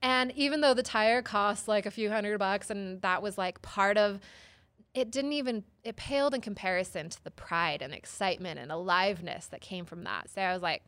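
Woman, psychotherapist guest; animated storyteller, mid-pitched, dry close mic. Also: normal speed, no room sound. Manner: expressive, acts out quoted voices, many "like" and "right?". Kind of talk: storytelling in an interview.

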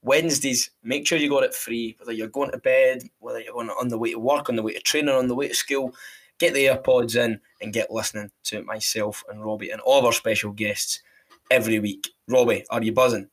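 Scottish man, falkirk and glasgow accent, podcast host, chatty and self-mocking, mid pitch. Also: steady tone, fairly quick. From Scotland. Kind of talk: casual podcast chat.

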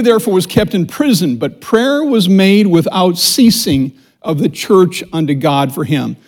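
A middle-aged man teaching a church Bible study as associate pastor, reading scripture slowly and preaching with calls to the congregation. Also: sits high. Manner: animated preaching with audience call-and-response; reads scripture slowly and deliberately. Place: church sanctuary before a congregation.

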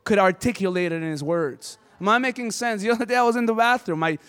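A man's voice: high voice, animated, fast talker, a bit bright, clear, resonant tone. A man preaching a sermon as pastor, impassioned and conversational. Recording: hall reverb.

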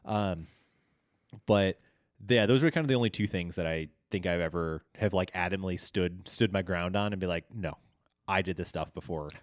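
A man's voice: low voice, moderate pace, smooth, no room sound, clean studio sound. A young man co-hosting a casual podcast chat, swearing and telling stories with acted quotes. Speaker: podcast co-host.

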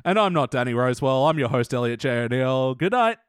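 A man hosting a casual comedy podcast, giggly and halting with fillers. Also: medium pitch, lively intonation, clean tone, dry recording, studio quality. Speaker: podcast host.

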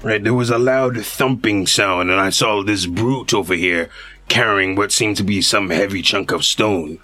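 A prim, lecturing little creature, as a man puts him on in a tabletop game, speaking precisely and rather slowly in a somewhat lowered, bright voice. Faint music plays underneath. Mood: pedantic.

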